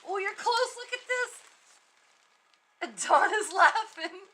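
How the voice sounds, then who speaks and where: Giggly lady on a livestream reading out comments, high bright voice, slow easy talk. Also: expressive. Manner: giggly, reads viewer comments aloud. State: muffled inside an inflatable costume at times. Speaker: psychic livestream host. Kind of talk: casual livestream chat.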